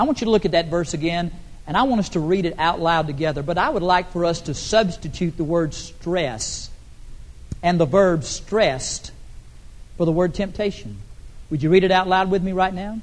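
A middle-aged man preaching a sermon as pastor, swinging between emphatic loud rises and soft, drawn-out drops. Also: high voice.

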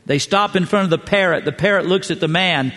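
A middle-aged man preaching a sermon, telling stories with measured pauses. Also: high voice, a bit bright. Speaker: pastor. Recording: long church hall reverb.

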